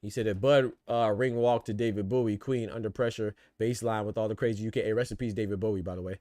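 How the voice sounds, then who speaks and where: A man hosting a podcast, riffing in casual, animated commentary full of rhetorical asides and swearing. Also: on the low side, fast, no echo, studio quality. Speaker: podcast host. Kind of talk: casual boxing and politics commentary.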